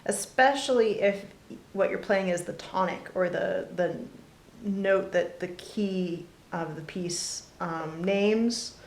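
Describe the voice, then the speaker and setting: A woman teaching a casual fiddle lesson, relaxed and chatty with many pauses and fillers between playing. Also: medium pitch. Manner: relaxed, lots of ums, talks between demonstrations. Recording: roomy with loud fiddle playing.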